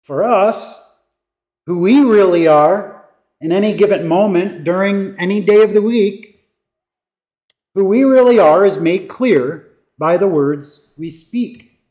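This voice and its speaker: A pastor delivering a sermon, his voice sitting high for a man. He preaches slowly and emphatically, leaning on dramatic pauses and acting out the quoted lines. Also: darkish tone.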